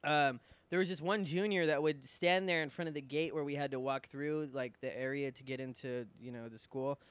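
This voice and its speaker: Smooth-voiced young man, halting story. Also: medium pitch, steady tone, a bit bright, no room sound. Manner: halting, filler-heavy storytelling with swearing. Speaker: podcast co-host. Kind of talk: casual chat.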